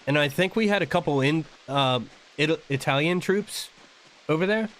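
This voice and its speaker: A man's voice: a little high, normal speed, a bit bright, a little hiss or hum. An American man streaming a game and chatting casually, rambling and laughing often. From United States. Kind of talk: casual chat while gaming.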